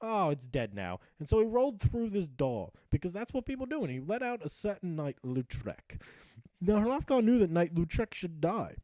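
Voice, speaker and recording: A man's voice: high-pitched, very animated, dark tone, no room sound. A young man narrating a video game in a mock-epic style, sarcastic and profane, slipping into the hero's voice. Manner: sarcastic storyteller, swearing, quick voice shifts. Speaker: gaming commentator.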